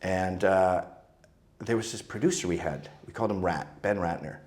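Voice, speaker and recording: A man's voice: sits low, moderate pace. A man from Canada, a guest telling crude, comic anecdotes and slipping into voices for the people in his stories. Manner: animated, mimics voices in anecdotes.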